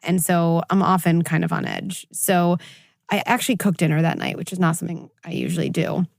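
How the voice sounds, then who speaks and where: A woman clinical psychologist in her forties, talking as a guest in an interview and telling stories with lively quoted voices. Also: lowish voice, a little fast, vocal fry, dry recording, clean studio sound. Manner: animated storytelling, acts out quoted voices. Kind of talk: conversational interview.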